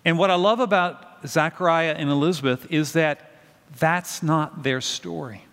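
A man's voice: fairly high pitch, measured pace, a bit bright, long reverb tail. A middle-aged male pastor preaching a sermon in a conversational, storytelling way, often asking the congregation questions.

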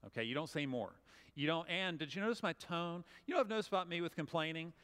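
A man with a Southern US accent gives a humorous, conversational motivational talk, acting out little scenes for his audience. His voice is on the high side, quick, fairly bright and clean. The recording carries a long hall reverb.

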